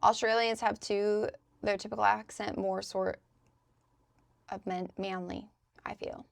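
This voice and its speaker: A woman's voice: medium pitch, little pitch movement, unhurried, gravelly, no echo. A young woman from the US Midwest, chatting loosely with her live chat as a streamer and swearing casually. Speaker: livestreamer. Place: indoors at a crafting desk.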